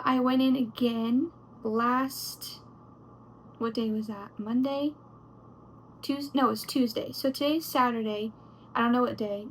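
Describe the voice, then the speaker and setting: Chatty young woman vlogging, higher voice. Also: a bit bright, a little hiss or hum, low-quality recording. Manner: chatty, frequent "like" fillers, acts out quotes. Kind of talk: casual chat.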